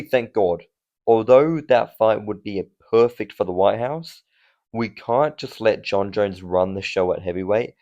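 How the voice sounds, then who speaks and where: A man's voice: lowish voice, darkish tone, muffled recording. A man from Australia giving a conversational solo opinion commentary on fight cards, with rhetorical questions and casual swearing. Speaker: MMA commentator.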